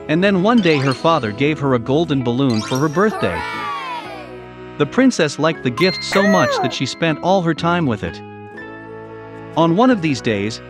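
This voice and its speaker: A woman narrating a children's fairy tale in a gentle storytelling manner. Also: low-pitched. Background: music.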